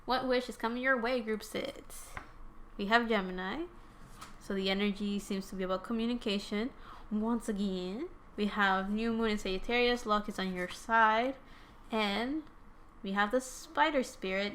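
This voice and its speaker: A woman's voice: medium pitch, fairly even intonation, a little slow, fairly bright tone. A woman with Spanish as her first language talks through a tarot spread in a casual, meandering way. She keeps stopping to correct herself and fills gaps with "um" and "like". A faint hiss sits under her voice. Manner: rambling, self-correcting, with many fillers. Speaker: tarot reader.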